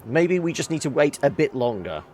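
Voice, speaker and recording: A man casually talking through a video game he is playing, halting and thinking aloud. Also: on the high side, big pitch swings, darkish tone, slight background noise. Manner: halting, many fillers and restarts. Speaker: game player. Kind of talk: casual let's-play commentary.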